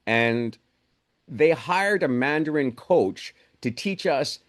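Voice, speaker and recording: Guest actor, male, from Canada; lively pitch, chatty storyteller. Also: slow pace. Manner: storytelling, animated. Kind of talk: casual interview chat.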